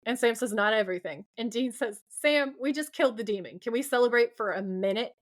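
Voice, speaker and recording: A woman's voice: on the high side, fairly quick. A young adult woman co-hosting a podcast, effusively retelling TV scenes by quoting the dialogue. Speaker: podcast co-host. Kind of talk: casual recap chat.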